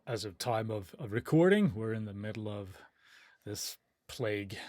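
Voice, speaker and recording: A man's voice: on the low side, animated, moderate pace, a little mellow, dry recording, clean studio sound. A man co-hosting a podcast in casual chat, laid-back and joking, who meanders as he talks. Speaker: podcast co-host.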